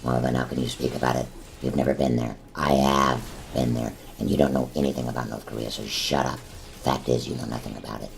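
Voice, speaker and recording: A man voicing a hot-tempered, gruff man who grumbles and blusters in comedic gaming banter. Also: level tone, a little fast, a little hiss or hum. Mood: irritated. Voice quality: very deep, gravelly.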